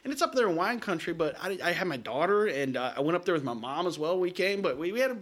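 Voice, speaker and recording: A man's voice: high-pitched, animated, quick pace, a bit bright. A man in casual chat, talking loosely with slang and swearing, often repeating words and restarting. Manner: swears freely, laid-back slang.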